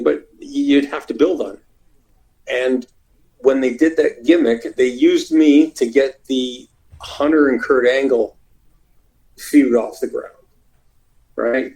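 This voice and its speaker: A middle-aged man from Canada telling stories from his wrestling career in a casual, animated way, acting out what people said. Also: low-quality recording. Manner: animated, acts out quotes in loud high voices. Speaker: interview guest, former wrestler. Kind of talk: casual storytelling.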